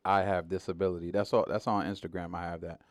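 A man's voice: low-pitched, little pitch movement, fast talker, dry recording, clean studio sound. A man speaking as a guest in a casual interview, upbeat and chatty, often saying "you know".

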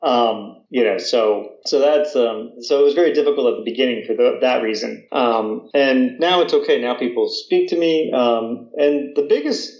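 A man's voice: mid-range voice, a little mellow. An American man talking casually in an interview, chatty and self-deprecating, with lots of fillers. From United States. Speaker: guest, American living in Croatia. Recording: echoey room, slightly dull audio.

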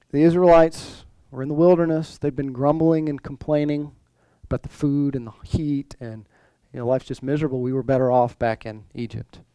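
A man's voice: medium pitch, warm tone, clear, resonant tone, dry recording, rough recording. A male pastor preaching a sermon in a conversational way, full of restarts and rhetorical questions.

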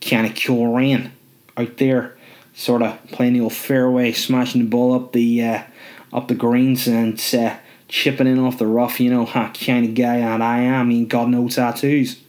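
A man doing a relaxed male pro golfer whose Northern Irish accent has drifted halfway to American. He drawls along, padding every phrase with "you know" and "kinda". Loose, rambling and easygoing. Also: medium pitch, normal speed, lightly acted. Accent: Northern Irish mixed with American. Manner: rambling, filler-heavy drawl.

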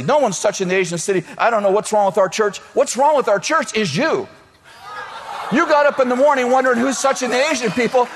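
A man's voice: very high voice, a bit bright, big-room sound, slight background noise. A man preaching a sermon, telling comic stories and acting out the voices of the people in them. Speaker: pastor.

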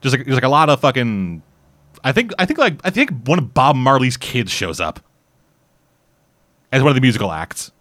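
A man's voice: medium pitch, very animated, normal speed, pauses often, a bit bright, dry recording. A Canadian man casually reviewing a series in rambling, profane chat full of restarts. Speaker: podcast host reviewing a series.

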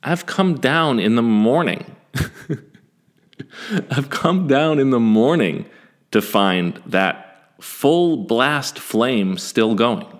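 A man in his forties telling a first-person story in a self-deprecating, animated way, with some swearing. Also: mid-range voice, drawn-out words, pauses often. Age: 40s.

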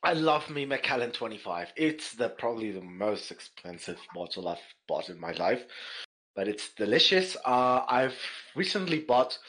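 A man, a chef guest on a podcast, chatting casually and telling animated stories with many repeated words. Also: mid-range voice, normal speed, low-quality recording. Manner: animated storyteller, repeats words, laughs easily. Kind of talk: casual chat.

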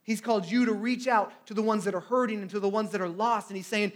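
A man's voice: high-pitched, fairly even intonation, quick pace, few pauses. A man preaching a sermon in a conversational way, often asking "right?" and acting out quotes.

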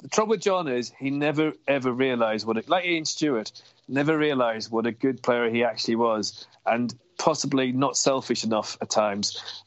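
A podcast guest chats about football over a video call, passionate and rambling, swearing and getting carried away. His mid-range voice moves at normal speed with no echo, though the lo-fi call audio sounds dull.

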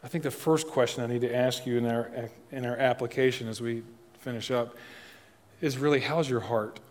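A man preaching a sermon as pastor, swinging from loud emphatic lines to soft, hushed appeals and asking the listeners direct questions. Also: medium pitch, fairly even intonation, moderate pace. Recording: long reverb of a large hall.

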